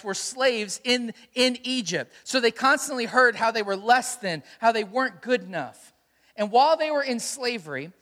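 A man preaching a sermon as a pastor, telling stories and asking the congregation questions. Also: high voice. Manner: storytelling, animated, asks the congregation questions. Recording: long hall reverb.

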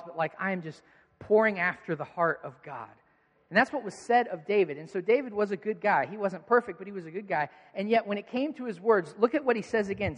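Man, pastor, conversational sermon, earnest, high voice, long hall reverb. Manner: conversational preaching, earnest and animated.

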